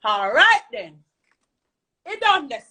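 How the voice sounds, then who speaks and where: A woman's voice: very high voice, big pitch swings, slow, creaky, sharp tone. A young Jamaican woman telling a heated story in patois, talking to camera in a vlog. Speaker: social media personality.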